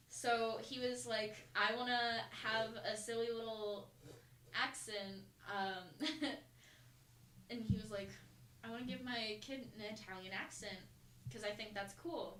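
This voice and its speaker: A woman chats and giggles through a relaxed podcast, telling loose anecdotes. She sounds a little distant from the mic. The room echoes and faint noise hums underneath. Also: fairly high pitch, slow. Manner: giggly, chatty storyteller. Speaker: podcast co-host. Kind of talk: casual chat.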